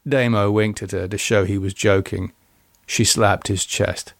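A man narrating an audiobook in a plain, steady storytelling manner. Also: on the low side, unhurried, vocal fry, dry recording, clean studio sound.

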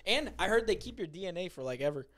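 A man's voice: high voice, animated, fast talker, fairly bright tone. A man co-hosting a podcast, chatting casually, swearing and rambling with restarts. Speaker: podcast co-host. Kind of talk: casual chat.

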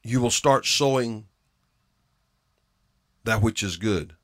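A man's voice: fairly low pitch, takes it slowly, fairly bright tone. A man preaching a sermon in an earnest way, often repeating phrases and restarting his words for emphasis.

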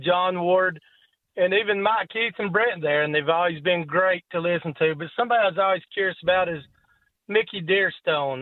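A man's voice: high-pitched, no room sound. A man calling in to a sports radio show, polite and nostalgic as he asks his question. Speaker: caller. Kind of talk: call-in question. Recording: tinny phone line.

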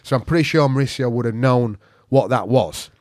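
A man's voice: medium pitch, fairly quick, darkish tone, no echo, studio quality. A middle-aged man with a Yorkshire accent, a podcast guest telling stories in a blunt, sweary way. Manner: blunt, sweary, northern dialect grammar. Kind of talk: casual storytelling.

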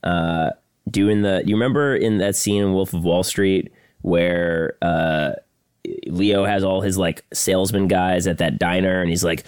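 A man with a very deep voice hosts a podcast in loose, crude banter. He jokes and acts out other people's lines to mock them, and the sound is dry and close, with no room echo. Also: normal speed, clear, resonant tone. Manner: crude, joking, animated retelling with mocking impressions. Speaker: podcast host. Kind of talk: casual chat.

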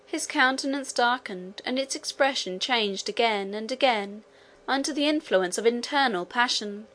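A woman reading first-person literary narration for an audiobook in a measured, earnest way. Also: a little high, fairly bright tone. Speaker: audiobook reader.

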